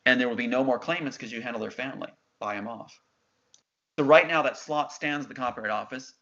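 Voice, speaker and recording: A man's voice: medium pitch, fast talker, pushed and bright. A middle-aged man as an interview guest, telling his story in an intense, insistent way and quoting others' words. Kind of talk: emotional storytelling. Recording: dull lo-fi sound.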